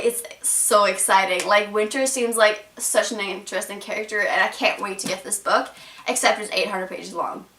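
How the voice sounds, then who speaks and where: A woman's voice: medium pitch, fairly bright tone. A young woman chatting casually about the books she plans to read, with lots of "like" fillers. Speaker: book vlogger. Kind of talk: casual book haul chat. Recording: echoey room from far off.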